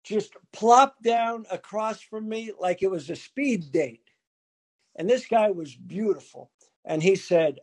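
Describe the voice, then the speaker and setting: A man's voice: high-pitched, a little mellow. A man hosting a casual call-in podcast, telling a long joke in a playful, rambling way. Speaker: podcast host. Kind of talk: casual chat and storytelling.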